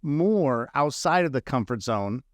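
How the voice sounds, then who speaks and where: A man's voice: medium pitch, animated, a little slow, no echo, studio quality. Man hosting, rambling questions. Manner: asks rambling, searching questions with restarts. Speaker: podcast host. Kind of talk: conversational interview.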